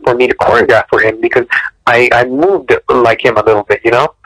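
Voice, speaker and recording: A man telling stories from his film career in a casual interview, animated, often repeating words and clearing his throat. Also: brisk, no echo, poor audio. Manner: animated storyteller, acts out quotes with sudden high bursts. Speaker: martial arts director and choreographer, guest.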